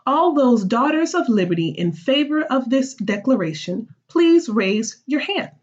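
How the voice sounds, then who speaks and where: A woman's voice: sits high, big pitch swings, a little slow, a little mellow, highs cut off, heavily acted. A woman reading as a formal colonial meeting leader.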